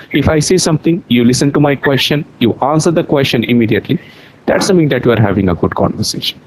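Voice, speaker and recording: A man's voice: medium pitch, darkish tone, low-quality recording. A young adult man from India with an Indian accent, an English teacher answering interview questions in an earnest, explanatory way. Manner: earnest, explanatory, repeats points.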